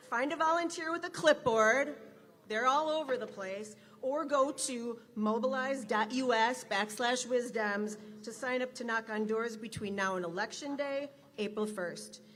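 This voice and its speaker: Woman organizer, slightly high voice, exhorting rally crowd, long hall echo. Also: measured pace, fairly bright tone. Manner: upbeat, exhorting. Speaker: local organizer introducing speakers. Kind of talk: rally speech.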